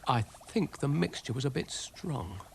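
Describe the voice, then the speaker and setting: A man's voice: medium pitch, big pitch swings, normal speed, creaky, a little hiss or hum, pitched above the performer's own voice. A man voicing a grumpy, scheming male dog who grumbles and mutters in a dry way, for a cartoon. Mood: grumbling.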